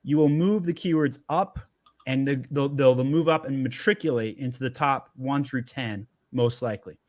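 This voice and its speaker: Energetic man explaining on a dry call. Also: medium pitch, moderate pace, dry recording. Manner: energetic, emphatic, repeats words when starting. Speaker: agency founder sharing Amazon selling advice. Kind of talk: webinar conversation.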